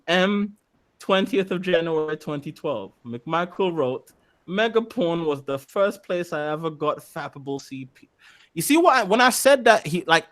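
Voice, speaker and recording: Young man, English accent with African tinge, podcast co-host, crude, mocking, slightly high voice. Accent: English, with some African influence. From England. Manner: crude, mocking, loud bursts of laughing outrage. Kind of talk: casual commentary chat.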